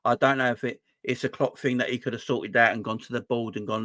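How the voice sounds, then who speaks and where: A young man with a Southern English London accent chats casually on a livestream for his fan channel, speaking emphatically, repeating his points, and firing rhetorical questions at viewers. His medium-pitched voice is steady, bright, and forceful, delivered quickly with few pauses. The recording is dry and studio quality.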